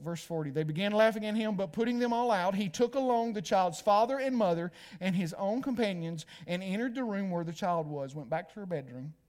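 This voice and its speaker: A man preaching a sermon, asking his listeners questions and answering them himself, with loud emphatic peaks and hushed quiet lines. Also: sits high. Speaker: pastor.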